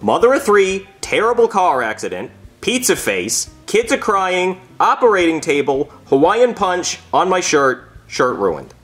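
A man playing a self-absorbed, petty doctor in a comedic puppet skit, who speaks in a self-pitying, snide and deadpan way. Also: high voice, a little slow, faint music behind, full character voice.

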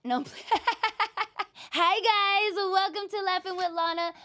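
A woman hosting a comedy podcast in casual chat, loud, laughing often and swearing freely. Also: very high-pitched, steady tone, moderate pace, no echo. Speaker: podcast host.

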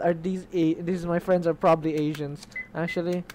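A young man streams a game, chatting casually, swearing, and reading the game's text aloud. His slightly high voice is flat and darkish, at normal speed with few pauses, and there is a little hiss or hum.

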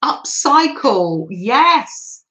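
An older woman hosts a craft livestream at an unhurried pace. Her voice sits a little high, and she chats and gushes as she answers comments from viewers. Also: big pitch swings, pushed and bright, poor audio. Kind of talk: casual craft livestream chat.

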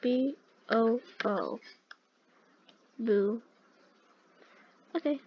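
Slow-talking woman narrating a game. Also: fairly high pitch, slightly rough, muffled recording. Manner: easily alarmed, repeats "no, no, no" in streams; chatty, talks through every move aloud. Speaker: gaming video host. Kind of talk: let's-play game commentary.

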